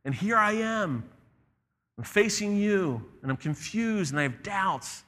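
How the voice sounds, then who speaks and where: A man's voice: sits high, animated, normal speed, pushed and bright, exaggerated voice. A scared young boy whines in a raised, strained voice, stacking up complaint after complaint, as a preacher acts him out. The sound carries a long echo in a large hall. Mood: complaining. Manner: whiny, repeating complaints. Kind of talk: sermon story retelling.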